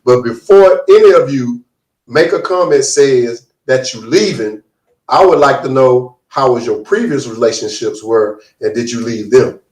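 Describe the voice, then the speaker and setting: A man, co-hosting a talk show, arguing in a lively, playful way and acting out what people say. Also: mid-range voice, a little slow. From Galveston, Texas. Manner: animated, playfully argumentative, acts out quotes. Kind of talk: casual panel debate. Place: studio room with distant camera. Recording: roomy sound, mic far off.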